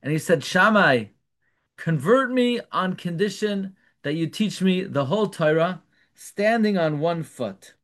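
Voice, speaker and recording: Animated rabbi teaching Torah. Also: male voice, high voice, a little slow. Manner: animated, rhetorical questions, translates Hebrew phrases. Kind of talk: Torah lecture.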